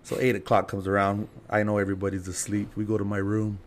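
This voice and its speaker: A man's voice: on the low side, completely flat delivery, fast, a little hiss or hum. A man telling a story as a podcast guest in casual chat, laughing and swearing as he acts out the people in it. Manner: laughing, profane, acts out quotes.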